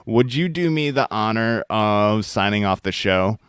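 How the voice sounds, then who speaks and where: A man hosting a podcast, talking in a relaxed, friendly and joking way while he interviews a guest and closes the show. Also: on the low side, unhurried, clean tone, no room sound, clean studio sound. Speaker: podcast host. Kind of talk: casual interview and show outro.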